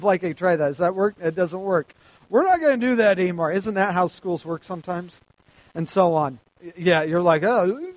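A man's voice: sits high, dry recording. A man preaching to teenagers in a casual youth sermon, chatty, acting out quotes and quizzing the crowd. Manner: chatty, acts out quotes, asks the crowd questions. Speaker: youth pastor.

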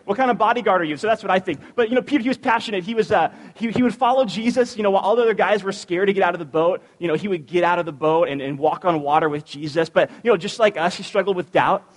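A man with a notably high voice delivers a relaxed, joke-filled sermon with lots of energy. He sounds like a youth pastor speaking to his congregation. His voice rings out with the long, lingering reverb of a church hall. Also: fast, hardly any pauses. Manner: energetic and animated, cracks jokes. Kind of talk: casual, joking sermon. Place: church sanctuary.

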